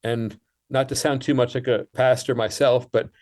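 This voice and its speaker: A man, a writer, speaking as a guest in a radio interview, explaining in a measured and thoughtful way. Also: medium pitch, steady tone, darkish tone.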